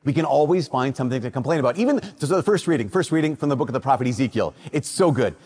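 A priest from Minnesota reading the Gospel at Mass and then giving a conversational, story-filled homily. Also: male voice, mid-range voice, very fast, slightly rough. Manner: storytelling, conversational with lively asides. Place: church. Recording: church hall reverb.

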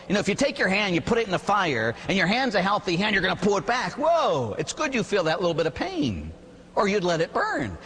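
Animated husky-voiced priest preaching. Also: male voice, high-pitched, in a large hall. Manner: animated, storytelling preacher with rhetorical questions. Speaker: Catholic priest. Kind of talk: sermon.

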